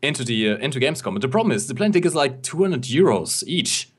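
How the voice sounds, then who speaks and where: A man's voice: medium pitch, very animated, fast, husky. A young man, a college student, casting a live game stream with chatty, laughing banter. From lived in Germany early in life. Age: young adult. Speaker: esports caster. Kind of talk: casual live stream commentary.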